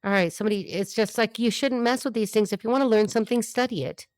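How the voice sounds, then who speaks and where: A woman talks through a tarot spread in a loose, animated way, hopping between ideas. She is blunt and swears freely, with quick wisecracks. Her voice sounds close and dry. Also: mid-range voice, no echo. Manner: blunt, profane, wisecracking asides; animated, jumps between thoughts. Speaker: tarot reader. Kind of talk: casual tarot reading.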